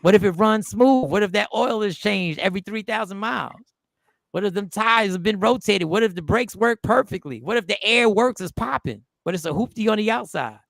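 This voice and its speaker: Man, high pitched, gravelly, animated comedic host, dry close sound. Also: brisk, no echo. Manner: animated, joking, reacting to comments. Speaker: podcast host. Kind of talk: casual comedic commentary.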